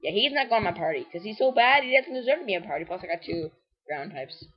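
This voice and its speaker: A woman's voice: mid-range voice, lively intonation, fast talker, slightly rough, muffled recording, faint music behind. A woman giving rambling, casual commentary while playing a video game and talking back at it. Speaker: let's play host.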